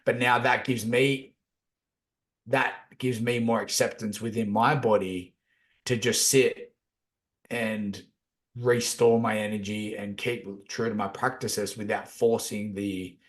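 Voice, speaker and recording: A man's voice: on the low side, fairly even intonation, slow. A man chatting casually on a podcast, laid-back, swearing a lot as he talks about feelings and energy. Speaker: podcast co-host. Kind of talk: casual chat.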